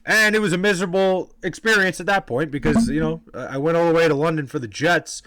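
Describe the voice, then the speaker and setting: A young man from New York casually telling a story, animated, profane and self-deprecating. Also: fairly high pitch, fairly quick, no echo, poor audio. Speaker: vlogger telling a personal story.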